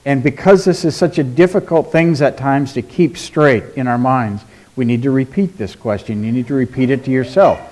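A man preaching a sermon in a deliberate, emphatic way, asking rhetorical questions and dropping to a quiet voice for stress. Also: medium pitch. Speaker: pastor.

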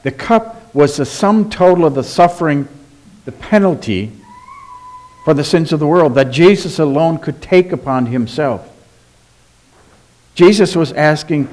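A man preaching a sermon as pastor, emphatic, asking rhetorical questions and slowing down on key words. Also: fairly high pitch, expressive, darkish tone.

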